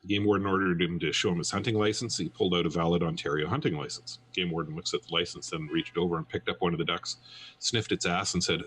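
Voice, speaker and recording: A man co-hosting a podcast, telling jokes in casual chat with halting restarts. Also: deep voice, steady tone, fairly bright tone, husky. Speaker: podcast co-host.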